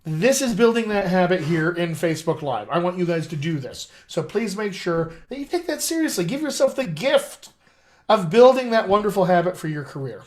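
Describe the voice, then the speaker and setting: His voice sits high, and he talks animatedly and fairly quickly. The man is a dialect coach hosting a live stream, where he chats with viewers in a playful, casual way directly over a video call setup.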